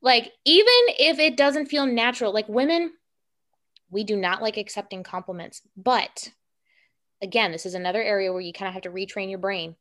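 A woman's voice: medium pitch, moderate pace, fairly bright tone. A young woman co-hosting a casual podcast chat, giving emphatic, playful advice to other women. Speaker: podcast co-host.

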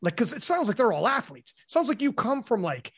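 A man's voice: very high-pitched, big pitch swings, brisk, vocal fry, slightly rough. A man hosting a casual podcast, asking questions loosely with swearing and laughter. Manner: loose, profane, laughing reactions. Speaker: podcast host.

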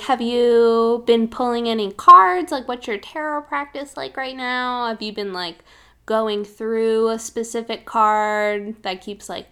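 A woman's voice: fairly high pitch, a bit bright, smooth. A woman co-hosting a casual spiritual chat, reflective and filler-heavy, laughing readily. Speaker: podcast co-host.

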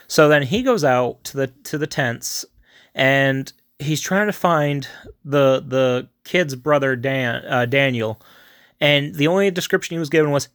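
A man's voice: on the high side, normal speed, a bit bright. A young man casually retelling a war film's plot, rambling and acting out the characters' lines in shifting voices. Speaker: film reviewer. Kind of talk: casual movie recap.

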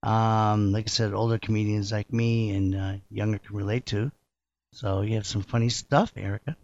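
A man from upstate New York hosting a casual interview, rambling and halting, laughing often. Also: fairly low pitch, fairly even intonation, a little mellow, muffled recording. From Rochester, New York. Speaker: host.

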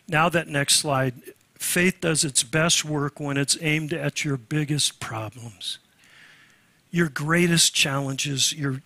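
A man preaching a sermon as pastor, animated, climbing loud through lists and dropping to quiet asides. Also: fairly high pitch, no echo.

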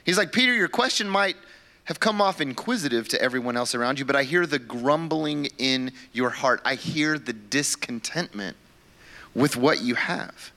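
Animated, bright-voiced male pastor. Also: medium pitch, normal speed. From Louisiana. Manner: animated and conversational, acting out voices. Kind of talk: sermon.

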